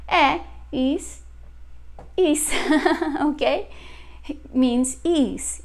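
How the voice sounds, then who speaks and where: A woman's voice: on the high side, takes it slowly. A woman with a Brazilian Portuguese accent, a native Portuguese speaker, teaches an online lesson patiently and repeats each example. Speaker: language teacher.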